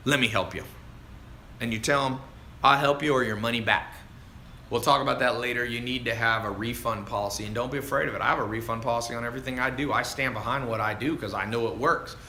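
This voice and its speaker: Chatty man, bright voice, roomy echo. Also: medium pitch, fast talker, slight background noise. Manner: animated and chatty, calls listeners dude and man. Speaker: online business coach answering live viewer questions. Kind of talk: casual livestream talk. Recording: roomy echo with faint ambience.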